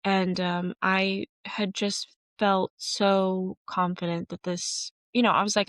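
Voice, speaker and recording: A woman's voice: medium pitch, little pitch movement, takes it slowly, hardly any pauses, a bit bright, no echo. A woman hosting a podcast, telling a personal story in an earnest, emotional and candid way. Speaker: podcast host.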